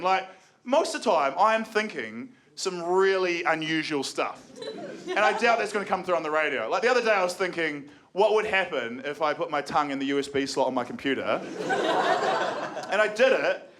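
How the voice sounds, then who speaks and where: A young New Zealand man doing stand-up comedy live, sarcastic and excitable, now and then jumping into shouted mocking voices. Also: high-pitched, background noise. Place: comedy venue with live audience. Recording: live show with audible crowd. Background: audience laughter.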